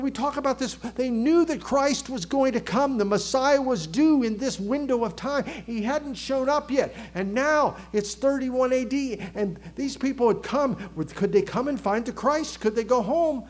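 A man preaching a sermon with a Southern American accent, animated, acting out crowd voices and dropping to a hush for emphasis. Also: very high voice. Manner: animated, acts out crowd voices, swings from loud to hushed. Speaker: pastor.

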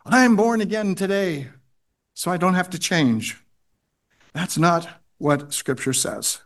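A man's voice: sits high, expressive, slow pace. A man preaching a sermon, reading scripture aloud and repeating key phrases for emphasis. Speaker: pastor.

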